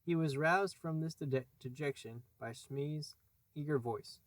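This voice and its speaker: A man's voice: a little high, no echo. Man reading a classic story aloud. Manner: measured storytelling. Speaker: audiobook narrator. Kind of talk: scripted narration.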